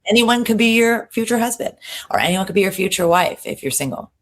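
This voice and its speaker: A woman co-hosting a pop culture recap podcast, talking animatedly with swearing and quick asides. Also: medium pitch, lively intonation. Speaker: podcast co-host.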